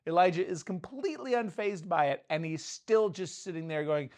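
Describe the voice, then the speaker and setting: A man's voice: high voice, expressive, normal speed, hardly any pauses, darkish tone. A middle-aged man giving a casual, conversational sermon, retelling scripture loosely with frequent restarts. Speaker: preacher.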